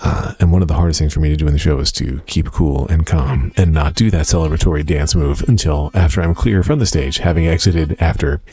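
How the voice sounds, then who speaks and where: A middle-aged man with a very low, gravelly voice rambles through a casual podcast diary from his home office. His tone is dark and a little husky, and he stays wry and self-mocking throughout, leaning on uh fillers as he goes. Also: fairly quick, few pauses. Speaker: podcast host.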